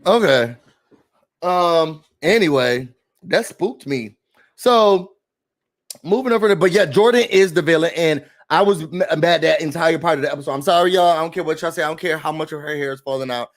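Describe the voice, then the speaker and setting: Guy with a slightly high voice doing a sassy reality tv recap, chatty and animated. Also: moderate pace. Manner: sassy, animated, talks straight to viewers. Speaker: YouTuber recapping a reality show. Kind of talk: casual rant-style recap. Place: indoor room.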